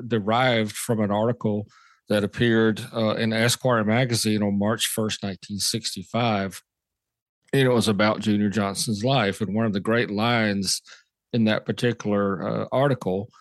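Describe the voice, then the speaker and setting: Low-voiced older man telling stories. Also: no echo. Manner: unhurried, anecdotal, with many fillers and restarts. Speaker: guest, motorsport journalist. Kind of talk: casual podcast storytelling.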